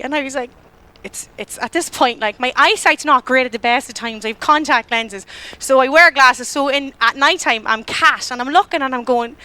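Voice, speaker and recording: Irish girl in her 20s telling a story at church, bright and high, acts out her own panic. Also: a little fast. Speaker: church speaker. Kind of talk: storytelling sermon.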